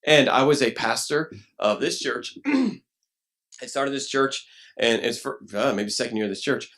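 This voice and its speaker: Male pastor, animated sermon delivery, lively swinging pitch, mid-range voice. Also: measured pace. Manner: animated, acts out quoted voices, rising to shouts. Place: church.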